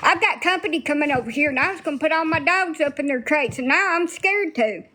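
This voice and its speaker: A woman's voice: high-pitched, animated, fast talker, sharp tone. A woman talking bluntly to viewers on a casual livestream, swearing freely.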